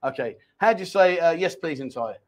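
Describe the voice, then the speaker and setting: A man with a notably high-pitched voice hosts a live chat stream, reading viewer comments aloud. He teases his co-host, cracks jokes and laughs easily. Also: animated. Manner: jokey, teasing, quick laughs. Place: Pattaya, Thailand.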